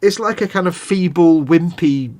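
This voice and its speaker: A man's voice: on the high side, moderate pace, a little mellow. Chatty Englishman doing mock accents. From England. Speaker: co-host. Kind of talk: casual live-stream chat.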